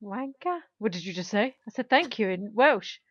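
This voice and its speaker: A woman's voice: mid-range voice, animated, a little fast, a crowd in the background. A young woman in casual gaming chat, self-deprecating and rambling, with frequent restarts. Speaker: gaming co-host. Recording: dull lo-fi mic.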